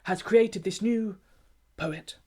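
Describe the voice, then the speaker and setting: A pompous, snobbish poetry gatekeeper, as a man puts him on, declaiming rhymed verse with grand self-importance. His voice sits a little high, measured and rhythmic like an official giving a briefing. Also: dark tone, slightly rough, heavily acted. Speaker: comic poet. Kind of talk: comic rhyming spoken-word satire.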